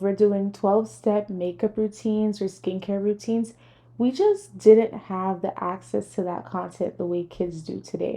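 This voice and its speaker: A woman's voice: medium pitch, mellow. A young adult woman delivering scripted, earnest and critical commentary as a vlogger.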